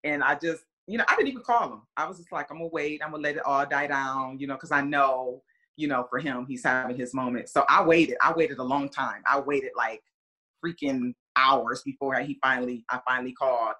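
A woman's voice: extremely low pitch, fairly quick, pushed and bright. A middle-aged woman, a football player's mother, chatting casually as a podcast guest and acting out quotes with lots of fillers. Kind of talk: casual storytelling.

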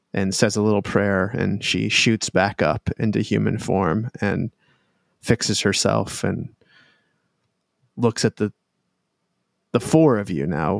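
A man narrating as game master of a tabletop game, describing scenes slowly and with some restarts. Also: fairly low pitch, creaky, no echo.

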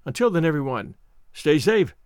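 A man reads a classic novel aloud in a measured storytelling style. His voice sits a touch high and moves expressively through its range. The recording is close and dry. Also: big pitch swings, a little mellow, clean tone, no echo. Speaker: audiobook reader and show host.

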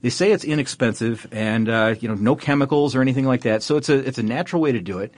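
A man's voice: mid-range voice, quick pace, a little mellow, no room sound. A man co-hosting a podcast in casual chat, rambling and self-correcting with frequent chuckles. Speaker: podcast co-host.

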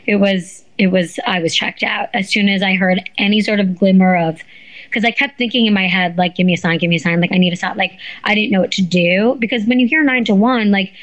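A woman guest telling a story in a casual interview, animated and swearing, acting out what people said. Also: medium pitch, brisk, poor audio. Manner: animated, swearing, acts out quotes. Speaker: guest, former reality show contestant.

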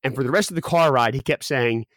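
Man, 30s, podcast guest, rapid personal storytelling, frequent restarts, dry sound. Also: medium pitch, a bit bright, dry recording.

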